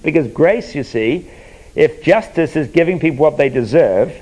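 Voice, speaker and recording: A man preaching a sermon, explaining with everyday stories and moving between emphatic points and quiet, earnest asides. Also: fairly high pitch, expressive, normal speed, slightly rough, poor audio. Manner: conversational, illustrates with everyday stories.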